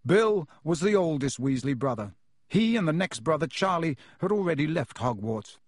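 A man reading a storybook aloud as narrator, measured and expressive, on a close studio mic. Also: a little high, no room sound. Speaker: audiobook narrator.

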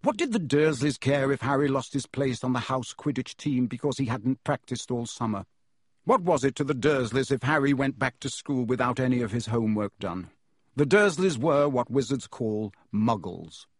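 Husky-voiced male audiobook narrator. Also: medium pitch, expressive, moderate pace, no room sound, clean studio sound.

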